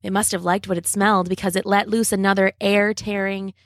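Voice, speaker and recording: A woman reading a children's adventure story aloud, steady and dramatic. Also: mid-range voice, brisk.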